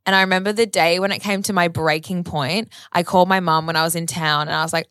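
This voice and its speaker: A woman's voice: on the low side, fairly even intonation, fast, few pauses, a bit bright, no echo, studio quality. A woman, telling a long story in casual chat, rambling with lots of "like" and casual swearing.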